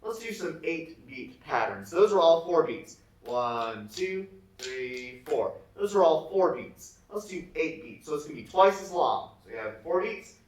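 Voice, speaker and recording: Music teacher guy, slow and patient, kinda highish voice, echoey room far from the camera. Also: sing-song. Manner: slow, patient call-and-response instruction. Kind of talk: remote music lesson. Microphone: camera set away from him.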